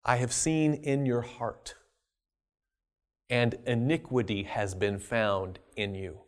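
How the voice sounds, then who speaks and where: A man voicing God as a stern, solemn male judge, speaking gravely. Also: medium pitch, fairly even intonation, pitched below the performer's own voice, lightly acted. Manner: grave, measured.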